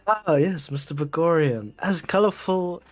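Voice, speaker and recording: A man playing a character in a tabletop game, wry and measured, with loose fillers. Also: fairly high pitch, soft background music. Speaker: player.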